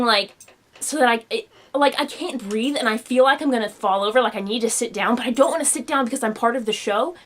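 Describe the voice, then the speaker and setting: A young woman telling a personal story in a home vlog, animated and expressive, acting out the quotes. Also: a little high. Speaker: vlogger. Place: home room.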